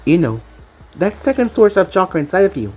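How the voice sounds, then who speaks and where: A cocky young ninja boy, calm and teasing, as a woman narrator voices him. The voice sits a little lower than her narration, with lively pitch movement. Soft music plays faintly underneath. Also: a little fast, slightly rough.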